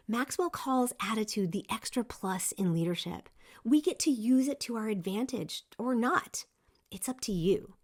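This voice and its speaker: A middle-aged woman hosting a leadership podcast, giving an emphatic, lively motivational talk with frequent restarts. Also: mid-range voice. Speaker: podcast host. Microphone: seen on video, single speaker.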